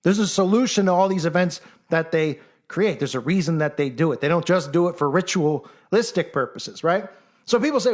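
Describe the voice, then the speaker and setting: Animated and a bit fast, with a slightly high pitch, a male commentator argues in a mocking, combative monologue. He peppers it with rhetorical questions and impersonates critics in mock voices.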